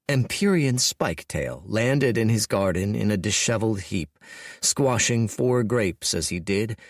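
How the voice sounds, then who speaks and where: A man reads an audiobook in a low, unhurried voice with wry, measured storytelling. His delivery moves with lively pitch. The recording is close and dry, with no room sound. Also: no room sound. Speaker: audiobook narrator. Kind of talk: scripted narration.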